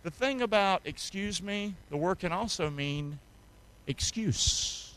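A man preaching a sermon as pastor, calling the congregation to repeat after him and reading scripture aloud, moving between hushed, intimate lines and loud, rising passages. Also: high-pitched, animated, slow. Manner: call-and-response preaching, swings from hushed to loud.

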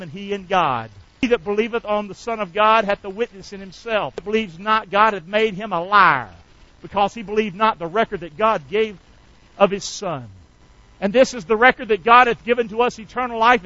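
High-voiced preaching pastor, lo-fi sound. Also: male voice, bright, forceful tone. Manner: call-and-response preaching, asks the church to repeat lines; folksy, drops into casual slang between scripture. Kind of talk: sermon.

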